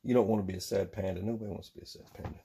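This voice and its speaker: A man's voice: fairly low pitch, fairly even intonation, racing, creaky, heavy background noise. A man in his thirties who rambles casually and chuckles to himself as he works at a bench, talking to viewers. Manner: rambling, chuckling, talks to himself while working. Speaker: channel host making knife gear.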